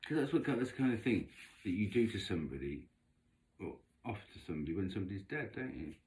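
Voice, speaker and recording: A man's voice: on the low side, sing-song, fast, a little mellow. A man giving a chatty, gossipy vlog monologue while drawing tarot cards, with camp theatrical asides. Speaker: vlogger doing tarot readings. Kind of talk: casual rambling monologue.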